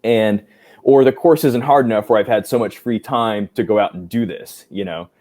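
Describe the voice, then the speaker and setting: Mellow low-voiced man telling army stories. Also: normal speed. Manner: animated, acts out quoted dialogue, many fillers. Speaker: podcast guest, army aviator. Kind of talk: casual storytelling interview.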